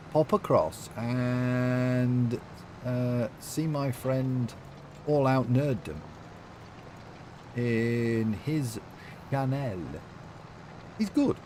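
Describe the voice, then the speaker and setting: In a casual livestream of a farming game, this man speaks very slowly in a medium-pitched, darkish voice over slight background noise. He rambles, reads viewers' chat aloud, and leans heavily on fillers.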